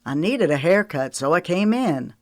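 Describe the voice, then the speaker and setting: A woman voicing an easygoing young man who speaks calmly and stands his ground. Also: moderate pace, vocal fry. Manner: easy, calm, low-key. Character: easygoing young man, kind but firm.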